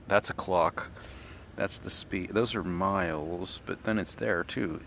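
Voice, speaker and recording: Deep-voiced man musing over gameplay. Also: fairly even intonation, a little slow, vocal fry, fairly bright tone, slight background noise. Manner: musing, rambling, thinking aloud. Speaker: gaming channel host. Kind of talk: casual gameplay commentary.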